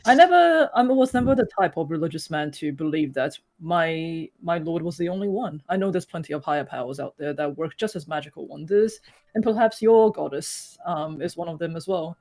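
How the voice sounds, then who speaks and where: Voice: mid-range voice, lively intonation, a little fast, darkish tone, close to an everyday voice. A game master playing a thoughtful village priest. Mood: reflective. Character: weary village priest, older man.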